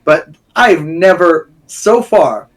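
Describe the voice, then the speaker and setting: A man's voice: on the high side, animated, takes it slowly. A young man in casual podcast chat, cocky and insistent, teasing his co-host while they argue.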